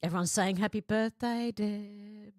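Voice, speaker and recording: A woman's voice: medium pitch, fairly even intonation, unhurried, darkish tone, no echo, clean studio sound. A woman hosting a livestream in casual chat, reading viewer comments aloud and answering them, often laughing. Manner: reads comments aloud and chats back, often breaking into laughter.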